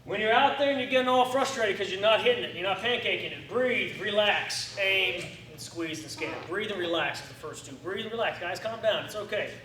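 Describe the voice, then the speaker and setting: A man teaching a firearms class in a lively coaching way, acting out his students' reactions. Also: high voice, a little fast, few pauses. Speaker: firearms instructor. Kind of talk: classroom instruction. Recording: echoey room, distant mic, faint noise.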